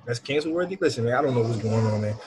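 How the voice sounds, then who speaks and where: A man's voice: mid-range voice, animated, rapid-fire, a little mellow, a little hiss or hum. A man hosting a podcast in casual, slangy chat, often repeating himself. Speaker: podcast host.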